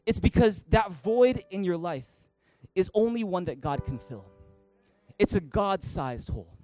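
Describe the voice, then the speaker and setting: High-voiced passionate preaching pastor. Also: male voice, lively intonation, measured pace, mellow, no echo, faint music behind. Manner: passionate, repetitive rhetorical preaching. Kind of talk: sermon. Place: church.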